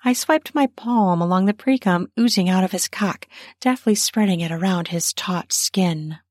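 A woman narrating an erotic story in the first person, soft and breathy, sometimes dropping to a whisper. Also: on the low side, normal speed, no room sound, studio quality.

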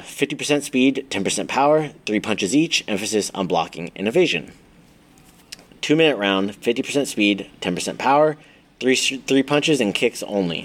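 A man, a Muay Thai coach, reading his own training book aloud in a steady instructional way, listing drills item by item with occasional stumbles. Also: on the low side.

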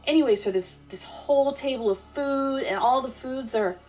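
A woman narrating a playful, deadpan comic sleep story in the first person. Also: high voice, normal speed, faint music behind. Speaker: podcast storyteller.

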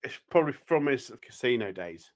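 A man co-hosting a casual podcast, chatty and quick to jump in. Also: mid-range voice. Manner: animated, chatty, jumps in. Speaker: podcast co-host. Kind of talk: casual chat.

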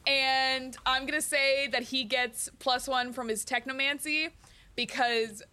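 A woman's voice: high voice, steady tone, unhurried, pushed and bright, clear, resonant tone. A woman playing a tabletop game, describing her character's work in a bubbly way. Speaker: player.

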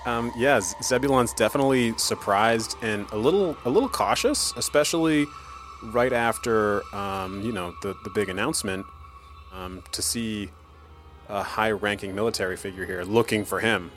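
A man's voice: fairly low pitch, moderate pace, fairly bright tone, soft background music. A man playing in a tabletop game, chatting casually and teasing the game master in a playful way. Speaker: player.

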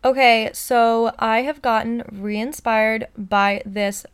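A woman hosting her own motivational podcast, talking excitedly in an encouraging, pep-talk way. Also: a little high, slow pace, loud music behind the voice. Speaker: podcast host.

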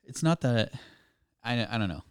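A man co-hosting a spooky podcast in casual chat, talking in a relaxed, meandering way with small restarts. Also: medium pitch, normal speed, clean tone, dry recording, clean studio sound. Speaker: podcast co-host.

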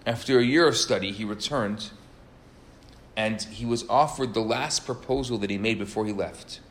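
A man giving an earnest religious talk, telling stories and stressing key words by slowing down and raising his voice. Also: a little hiss or hum. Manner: earnest, emphatic, varies pitch and pace for stress. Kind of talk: sermon with storytelling.

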